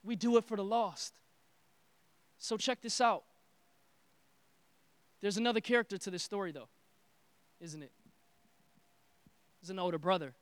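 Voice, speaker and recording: A man preaching a sermon with energetic, repetitive call-and-response phrasing. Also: high-pitched, unhurried, pauses often, no room sound. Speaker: pastor.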